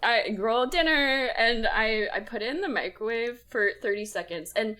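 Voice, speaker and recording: Brief: young woman podcast host, slightly high voice, lively storyteller who laughs a lot. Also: normal speed. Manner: animated storytelling, laughs often. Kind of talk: casual chat.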